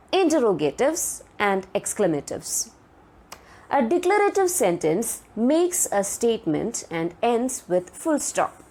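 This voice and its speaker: A woman giving a recorded grammar lecture, speaking deliberately and checking in with her students. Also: medium pitch, a little mellow. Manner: sing-song rise on example sentences.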